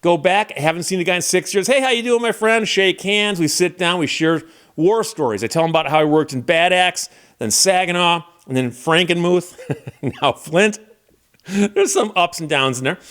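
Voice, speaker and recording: A man's voice: a little high, normal speed, fairly bright tone, smooth. A man hosting his channel, telling a personal story in a casual, conversational way and acting out the voices he quotes. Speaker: channel host.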